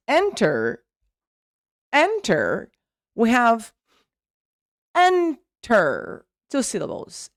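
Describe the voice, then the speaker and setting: A woman's voice: mid-range voice, no echo, studio quality. A young Brazilian woman with a Brazilian Portuguese accent, hosting an English lesson and explaining pronunciation, repeating words as drills. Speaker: English teacher and channel host.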